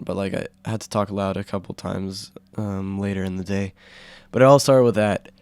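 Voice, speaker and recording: A young man hosting a casual solo podcast, rambling with fillers and restarts, his throat sore from yelling. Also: lowish voice, vocal fry, no echo. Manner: rambling, full of fillers and self-corrections. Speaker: podcast host.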